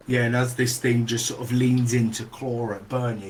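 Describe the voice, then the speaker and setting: A man running a tabletop game as dungeon master, narrating in a relaxed, descriptive way. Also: medium pitch, moderate pace, slight background noise, poor audio.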